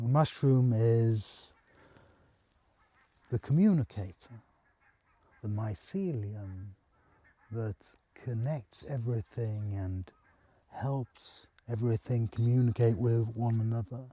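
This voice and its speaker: Slow, mellow-voiced man telling a spiritual story. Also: medium pitch, no room sound. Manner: soft, halting, earnest, emotional.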